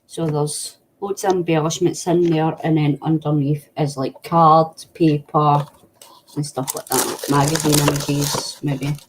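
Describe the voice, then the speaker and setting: A woman's voice: low voice, flat delivery, measured pace, a little hiss or hum. A woman chatting casually on a craft stream over a video call, laughing often. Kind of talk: casual chat.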